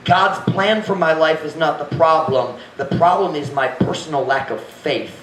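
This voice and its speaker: A man's voice: on the high side, normal speed, fairly bright tone. A man, preaching a sermon as pastor in a frank, earnest way and acting out his own prayers. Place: church sanctuary. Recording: echoey church room, faint noise.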